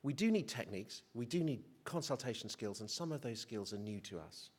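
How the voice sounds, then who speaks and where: A man's voice: medium pitch, animated, fairly quick, a little mellow. A middle-aged male physician giving a conference presentation, hesitant and prone to restarts, with self-deprecating humour. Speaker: physician speaker. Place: conference hall.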